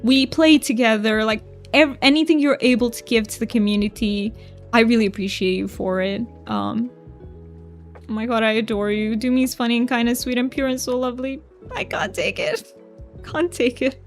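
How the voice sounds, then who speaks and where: A woman streaming a game live, reading viewer messages aloud in casual chat. She talks softly and emotionally, laughs often and stumbles over her words. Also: on the high side. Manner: soft-spoken, emotional, laughs often, stammers and restarts.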